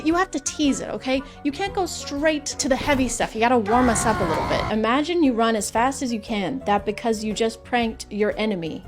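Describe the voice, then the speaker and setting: Sarcastic woman reacting, music behind. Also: medium pitch. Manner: sarcastic, exasperated, quick asides. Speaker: reaction video host. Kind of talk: casual reaction commentary.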